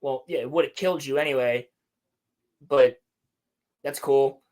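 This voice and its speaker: A man's voice: medium pitch, unhurried, darkish tone. A man hosting a podcast, recapping a show in a rambling, sarcastic, casual way with some swearing. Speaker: podcast host reviewing a show. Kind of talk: casual chat.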